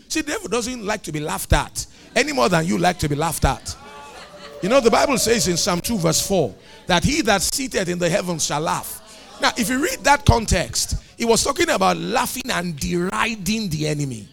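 A man preaching a sermon, retelling stories with acted dialogue and building to shouted, emphatic climaxes. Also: high voice, sing-song, moderate pace, gravelly.

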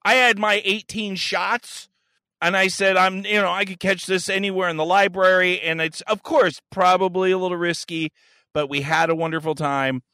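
A man's voice: high voice, fairly even intonation, moderate pace, bright, forceful tone, dry recording. A man hosting a podcast, telling a crude story in casual chat and acting out the voices and yelps. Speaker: podcast host.

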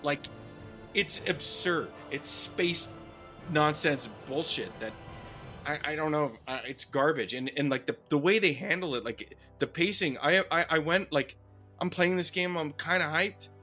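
A man's voice: fairly high pitch, unhurried, faint music behind. Ranting middle-aged man. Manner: animated, profane ranting. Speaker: podcast co-host. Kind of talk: casual gaming podcast chat.

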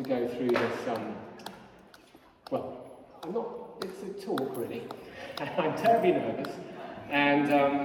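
A man's voice: fairly high pitch, a little mellow. A man giving a nervous lay sermon as church warden, hesitant, with many fillers and restarts. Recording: echoey church from far off.

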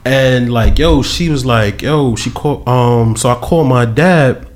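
A man's voice: medium pitch, unhurried. A man hosting a podcast, telling stories in casual chat full of slang and profanity. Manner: storytelling, profane slang, animated. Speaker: podcast host.

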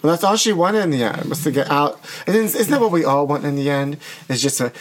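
A man co-hosting a casual comedy chat show, talking in a campy, sassy way and riffing quickly on his own jokes. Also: fairly high pitch, lively intonation, faint music behind. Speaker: podcast co-host.

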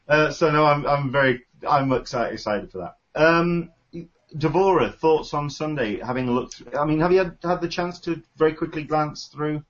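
A man's voice: a little high, normal speed. A man hosting a podcast, chatting enthusiastically and rambling with lots of fillers. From United Kingdom. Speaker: podcast host. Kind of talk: casual chat. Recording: dull lo-fi recording.

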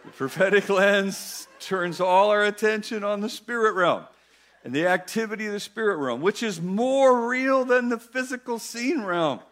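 A man preaching a sermon in a church, animated and playful, with emphatic, sudden loud bursts. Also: high voice, normal speed. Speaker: guest preacher.

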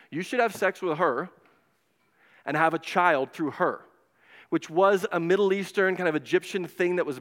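Male pastor, casual sermon, animated and digressive, slightly high voice, long hall reverb.

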